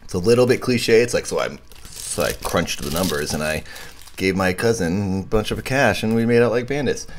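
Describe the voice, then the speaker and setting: Deep-voiced man rambling through live commentary. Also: moderate pace, a little hiss or hum. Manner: rambling, animated, thanks donors warmly. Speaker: filmmaker hosting a live viewing commentary. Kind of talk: casual live-stream commentary.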